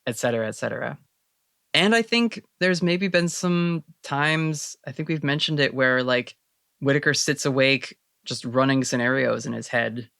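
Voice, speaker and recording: A man narrating as game master of a tabletop role-playing game, setting scenes in a measured, descriptive way. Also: medium pitch, vocal fry, fairly bright tone, no room sound, clean studio sound.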